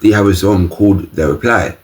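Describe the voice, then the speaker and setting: A man hosts a reaction video, jumping in with loud exclamations and laughs. His voice sits low and his talk is loose and casual. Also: a little fast.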